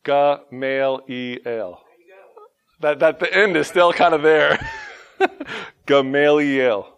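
A man's voice: a little high, steady tone, unhurried, creaky, fairly bright tone. A man with a Southern US accent, teaching a casual Bible study, joking and laughing at himself between scripture readings.

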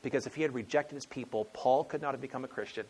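A man's voice: medium pitch, fast talker, darkish tone, husky. A man teaching a sermon on scripture in a conversational storytelling manner, acting out the quotes. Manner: conversational storytelling, acts out quotes, frequent restarts. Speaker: preacher. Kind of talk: expository sermon.

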